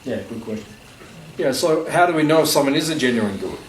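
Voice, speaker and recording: A man's voice: medium pitch, animated, fast talker, far from the mic. Guy giving a laid-back spiritual talk, lots of "you know", heard from across an echoey room with a bit of hiss. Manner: conversational, joking, many "you know" and "like". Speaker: spiritual teacher. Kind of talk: informal spiritual talk to a live audience. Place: gathering room at a festival. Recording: echoey room, voice from afar, faint noise.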